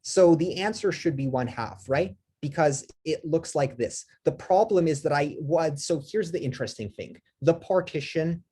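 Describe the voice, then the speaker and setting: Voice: mid-range voice, normal speed, few pauses, warm tone, slightly rough. A lecturer giving a live math lecture, talking with many fillers, restarts and self-corrections, and asking the class questions.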